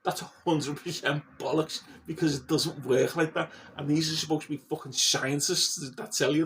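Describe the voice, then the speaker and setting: A man's voice: fairly high pitch, normal speed, hardly any pauses. A man vlogging in a casual, blunt rant, swearing constantly and getting worked up as he talks. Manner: heavy swearing, blunt and heated; gets animated and worked up. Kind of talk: casual ranting monologue. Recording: distant mic with faint background noise.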